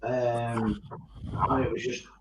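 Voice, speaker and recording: A man chatting casually while he paints miniatures, telling animated stories and swearing freely. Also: mid-range voice, slow pace, background noise. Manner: animated storytelling, swears freely, acts out quoted voices. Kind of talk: casual chat. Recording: echoey, dull-sounding room.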